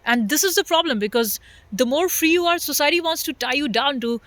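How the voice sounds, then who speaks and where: High, bright-voiced earnest spiritual talker. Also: animated, brisk, no echo. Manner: earnest, builds ideas through repeated phrases. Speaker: spiritual vlogger. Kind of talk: unscripted spiritual monologue.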